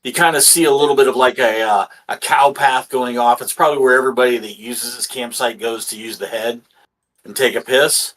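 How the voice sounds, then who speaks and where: A man's voice: medium pitch, steady tone, fairly quick, a bit bright, poor audio. A man running a tabletop role-playing game as dungeon master, rambling and restarting with lots of fillers.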